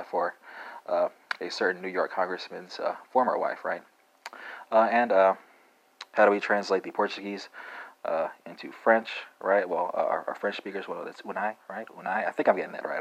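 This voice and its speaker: A man's voice: deep voice, rough recording. A man with a Texas accent giving a casual spoken language lesson, full of fillers and questions like "right?". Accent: Texan. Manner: halting, frequent fillers and tag "right?". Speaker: language teacher.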